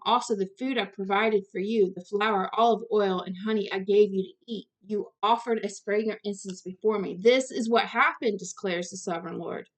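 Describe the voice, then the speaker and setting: A woman teaching the Bible, reading scripture aloud and breaking off into direct, earnest commentary, sometimes stumbling over long words. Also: medium pitch.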